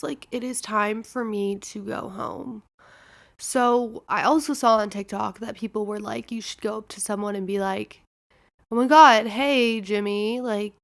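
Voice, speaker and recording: A woman's voice: on the high side, creaky, fairly bright tone. A woman in her twenties hosting a podcast, telling a rambling story in a chatty, casual way full of fillers. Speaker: podcast host.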